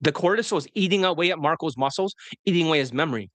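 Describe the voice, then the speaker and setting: A man's voice: fairly high pitch, lively intonation, rapid-fire, a bit bright, no room sound. A man coaching students on dating in casual livestream talk, blunt and rambling, with frequent swearing.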